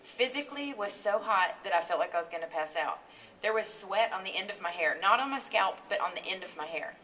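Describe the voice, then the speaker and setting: A woman singer as a radio interview guest, talking in a chatty, animated way and laughing often. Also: mid-range voice, brisk, distant mic, low-quality recording. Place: radio studio.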